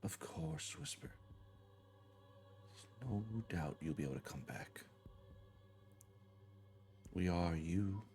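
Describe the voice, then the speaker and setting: A patient inner spirit that speaks softly and persuasively, voiced by a man running the game. His very deep voice stays hushed and close. Faint music sits behind. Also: expressive, slow pace, long pauses, exaggerated voice. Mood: coaxing. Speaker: dungeon master.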